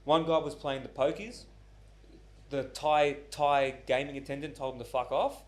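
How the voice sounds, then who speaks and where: A man's voice: a little high, moderate pace. A man in his twenties or thirties, hosting a podcast and telling stories casually, acting out other people's voices and swearing freely. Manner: animated storyteller who acts out quoted voices, swears often. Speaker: podcast host. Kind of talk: casual storytelling chat.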